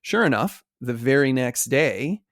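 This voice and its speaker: A man hosting a podcast, explaining the news in a measured way with frequent fillers. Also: mid-range voice, animated, fairly bright tone, dry recording, clean studio sound. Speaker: podcast host. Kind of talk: casual commentary.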